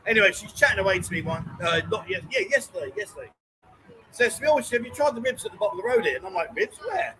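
A man's voice: sits high, lively intonation, rapid-fire, pushed and bright, a little hiss or hum, rough recording. A man hosting a casual live stream from a bar, teasing his co-host and reading out viewer comments. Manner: teasing banter, reads viewer comments aloud.

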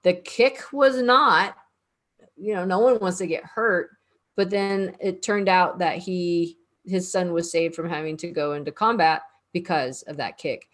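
A woman's voice: on the low side, steady tone, a little slow, fairly bright tone. A woman hosting a casual discussion, putting questions to guests and summing up their points. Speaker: host.

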